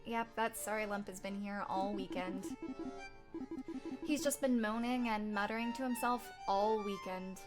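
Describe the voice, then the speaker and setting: A woman's voice: medium pitch, a little slow, over loud music, natural voice. A woman voicing a folksy middle-aged female bird tavern keeper in a put-on Southern US accent, homey in manner.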